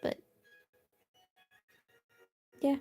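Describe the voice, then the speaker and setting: A woman chatting casually on a late-night phone livestream from her bed, rambling and self-deprecating, sometimes dropping to a soft whisper. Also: very slow, soft background music. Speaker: streamer. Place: cozy bedroom at night.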